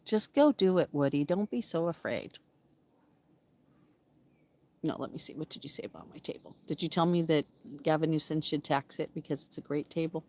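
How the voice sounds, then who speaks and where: A woman with a lowish, rugged voice chats casually with viewers from her backyard. She drifts between loose talk and playful singsong calls to the birds and chipmunks. Crickets chirp faintly behind her outdoors. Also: animated, a little fast, a little mellow. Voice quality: low, rugged voice. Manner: chatty, talks to backyard animals in a playful singsong. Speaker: vlogger. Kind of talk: casual live chat with viewers.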